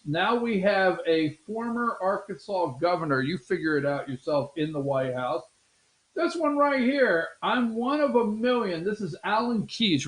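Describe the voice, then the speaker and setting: A man hosting a political commentary show, talking in a rambling, animated and emphatic way. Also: a little high.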